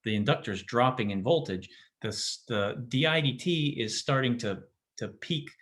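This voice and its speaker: A man's voice: mid-range voice, expressive, moderate pace, fairly bright tone. A man teaching physics in a casual classroom lecture, often restarting sentences and checking in with his students. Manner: casual, self-interrupting, checks in with "right?".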